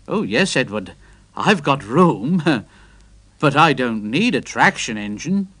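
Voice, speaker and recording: A man's voice: medium pitch, very animated, takes it slowly, a bit bright, husky, exaggerated voice. A man doing a kindly country vicar. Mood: amused. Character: genial middle-aged country vicar, kindly.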